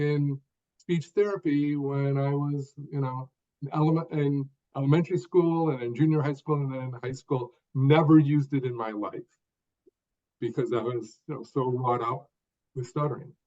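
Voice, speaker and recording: An older man, an author appearing as a podcast guest, tells his story in short, deliberate phrases, stressing key words and sometimes repeating them. His medium-pitched voice is warm, though the audio sounds dull.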